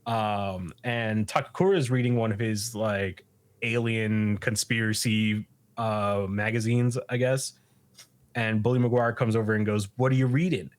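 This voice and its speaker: A man's voice: fairly low pitch, steady tone, unhurried. A man hosting a podcast, recapping an episode in a loose, profane way and laughing often. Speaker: podcast host.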